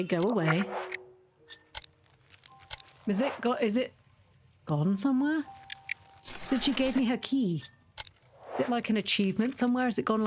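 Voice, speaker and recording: A woman's voice: mid-range voice, a little mellow, a little hiss or hum. A young woman streaming a game, chatting casually and sarcastically, often giggling as she rambles. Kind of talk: casual chat while gaming.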